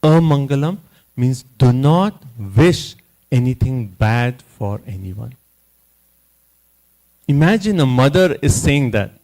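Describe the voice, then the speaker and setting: A man giving a scripture class at a temple, telling the story in an animated way and often checking in with "you know" and "right?". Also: mid-range voice, takes it slowly, pauses often, low-quality recording.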